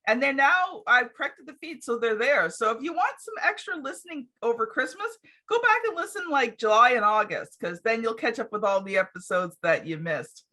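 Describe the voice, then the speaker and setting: A woman's voice: on the high side, animated, moderate pace, hardly any pauses, sharp tone. A woman hosting a podcast, chatting casually and reflectively with plenty of fillers. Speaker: podcast host. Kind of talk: casual chat.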